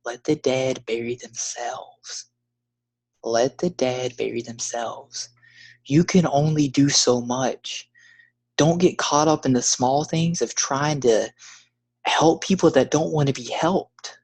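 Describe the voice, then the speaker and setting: A calm, commanding Jesus speaks in a soft, hushed and measured way, as a man retelling a story puts him on. The voice sits at an ordinary middle pitch for a man and stays low and gentle in level. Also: no room sound, low-quality recording.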